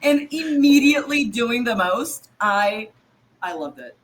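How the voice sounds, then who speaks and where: Bright-voiced podcast co-host, chatty. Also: medium pitch, animated, a little slow, slight background noise, poor audio. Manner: chatty, full of fillers and restarts, enthusiastic. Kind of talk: casual recap chat.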